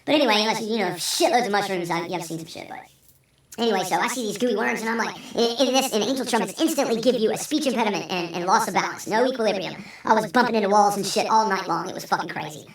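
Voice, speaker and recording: A woman hosting a storytelling vlog, talking in an animated, profane, rambling way. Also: medium pitch, quick pace. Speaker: vlog host. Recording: roomy sound, distant from mic.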